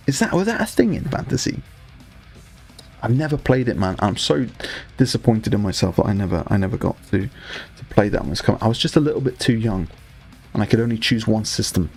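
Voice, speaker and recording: A man's voice: lowish voice, very animated, brisk, vocal fry, a little mellow, slightly rough, faint music behind. A young British man with a British accent, chatting casually to his live-stream audience and joking with the chat. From Britain. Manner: chatty, banters with chat, swears. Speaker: hobby streamer.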